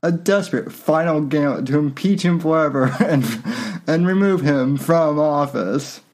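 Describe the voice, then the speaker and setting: Laughing often as he reads, a male podcast host delivers satire in a loose, irreverent, casual way, with plenty of fillers and false starts. He speaks unhurriedly in a fairly high-pitched, slightly mellow voice.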